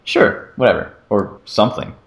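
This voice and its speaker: A man co-hosting a casual gaming podcast, rambling through an animated retelling of a game demo. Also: on the low side, moderate pace, creaky. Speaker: podcast co-host.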